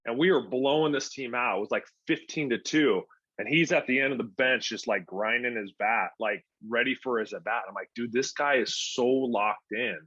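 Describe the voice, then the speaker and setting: A man in his forties, a former pro pitcher, telling stories as a podcast guest and acting out the dialogue. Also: normal speed, breathy edge. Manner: animated storyteller who acts out quoted dialogue. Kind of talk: casual storytelling interview. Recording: dull lo-fi podcast audio.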